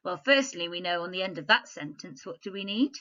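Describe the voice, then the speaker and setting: Woman teacher, recorded home lesson, clear expressive delivery, prompts pupils, bright voice, dull lo-fi laptop sound. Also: fairly low pitch, a little fast. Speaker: primary school teacher.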